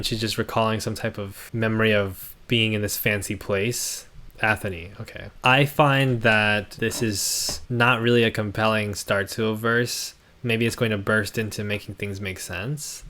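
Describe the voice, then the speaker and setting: A man's voice: on the low side, a bit bright. Sarcastic man picking lyrics apart. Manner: sarcastic, critical, thinking aloud. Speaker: streamer reviewing song lyrics. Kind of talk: casual commentary, reading lyrics aloud.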